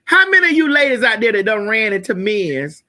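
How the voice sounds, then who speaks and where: A woman hosting a morning show, delivering a loud, profane comedic rant to her viewers and bursting into shouts. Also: on the high side, big pitch swings, fairly quick.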